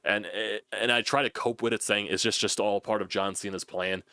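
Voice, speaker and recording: A man's voice: lowish voice, fairly even intonation, moderate pace, sharp tone, clean tone, no echo. A young man with a South Philly accent, ranting through a solo fan recap with frustrated, profane commentary. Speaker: sports channel host.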